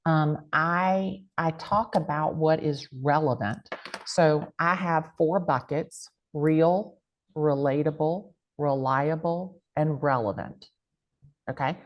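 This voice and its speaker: A woman's voice: low-pitched, slow pace, highs cut off. A woman with a strong American country accent, giving punchy, emphatic advice full of folksy catchphrases in an interview. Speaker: real estate agent and guest speaker. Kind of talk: motivational interview talk.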